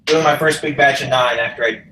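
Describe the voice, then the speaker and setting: A man's voice: medium pitch, fairly even intonation, a little fast, sharp tone, a little hiss or hum. Man with short, hesitant remarks, heard from a distance in an echoey room. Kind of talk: casual chat.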